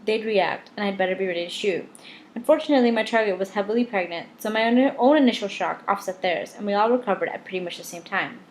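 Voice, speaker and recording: A woman's voice: medium pitch, fast, slight background noise. A woman reading a novel aloud in first person, with a wry, dry delivery. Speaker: audiobook reader.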